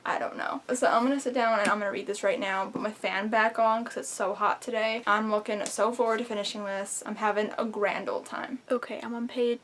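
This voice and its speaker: A young woman chatting in a casual reading vlog at home, excitable and chatty, swearing casually. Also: mid-range voice, a little fast, slight background noise. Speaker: book vlogger. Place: at home, indoors.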